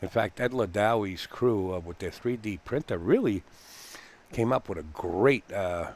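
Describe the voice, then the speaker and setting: A man's voice: on the low side, expressive, unhurried. A man giving live commentary on a pool match, chatty and folksy, with frequent fillers and easy laughter. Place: pool hall commentary booth.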